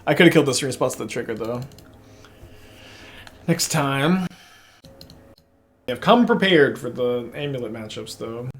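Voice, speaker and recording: A man's voice: medium pitch, moderate pace, long pauses. Rambling Texan man streaming a card game. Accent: Texas. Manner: thinking aloud, rambling and excitable. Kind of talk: casual gameplay commentary.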